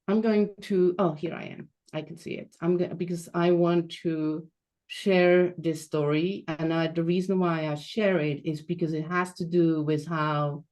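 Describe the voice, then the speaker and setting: A woman from Switzerland giving a reflective, measured personal storytelling talk as a guest speaker over a video call. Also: on the low side, dark tone. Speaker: guest speaker, transition coach.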